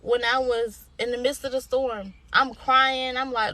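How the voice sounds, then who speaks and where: Emphatic, high-voiced woman giving an inspirational talk. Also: little pitch movement, a little slow, pushed and bright, no echo. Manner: emphatic, repetitive, preacher-like exhortation; informal, colloquial. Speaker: motivational speaker. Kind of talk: inspirational direct-to-camera talk.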